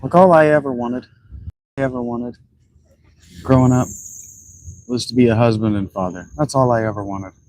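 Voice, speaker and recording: A man's voice: medium pitch, normal speed, long pauses, darkish tone, slight background noise, low-quality recording. A man giving blunt, rambling commentary while he plays a video game. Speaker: gaming streamer. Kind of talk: casual commentary while playing.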